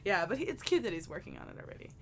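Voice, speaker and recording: A woman co-hosts a relaxed podcast chat with dry, teasing humor. Her voice sits at a middle pitch. Crowd chatter comes through clearly behind her. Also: very fast. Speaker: podcast co-host. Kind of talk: casual chat.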